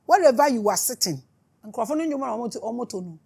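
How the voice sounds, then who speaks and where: A woman's voice: fairly high pitch, animated, quick pace, creaky, a little mellow, breathy edge. A woman with a Ghanaian accent giving an impassioned spiritual talk, fiery and scolding as she switches between Twi and English. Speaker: spiritual teacher.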